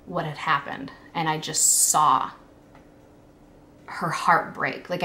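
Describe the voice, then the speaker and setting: Woman, young adult, vlog storytelling, halting, emotional, full of fillers, faint background noise. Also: sits low, vocal fry, sharp tone. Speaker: vlogger.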